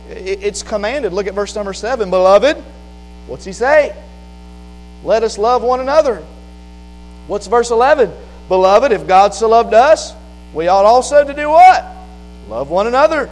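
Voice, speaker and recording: A man preaching a sermon, moving from quiet, plain explanation to loud, fervent preaching. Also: sits high, rough recording. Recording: faint mains hum behind.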